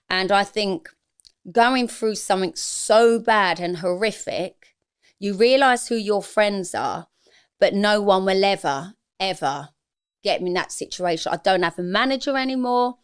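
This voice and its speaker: A woman's voice: medium pitch, smooth. A woman, speaking frankly and emotionally as a guest in a candid interview. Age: 40s.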